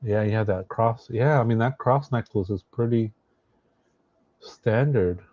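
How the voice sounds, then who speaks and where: A man with a low voice gives casual live commentary, thinking aloud as he scrolls and halting on fillers and restarts. The sound is dry and close, through a dull, lo-fi mic. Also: dry recording. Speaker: streamer reacting to social media posts.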